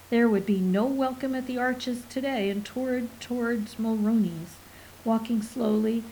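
Expressive woman reading a story aloud. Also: fairly high pitch, a little hiss or hum, rough recording. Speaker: narrator. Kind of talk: audiobook narration.

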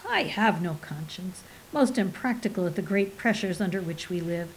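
A woman's voice: lowish voice, expressive, moderate pace, slight background noise, rough recording. A woman voicing an arrogant, callous male alien who barks orders and sneers at a rival. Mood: sneering. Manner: sneering, bossy, commanding.

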